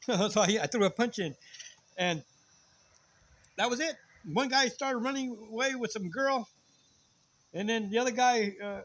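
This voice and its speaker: High-voiced excitable man telling a story. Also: a little hiss or hum. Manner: excitable, shouts "boom" sound effects, many restarts. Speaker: co-host. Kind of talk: casual storytelling.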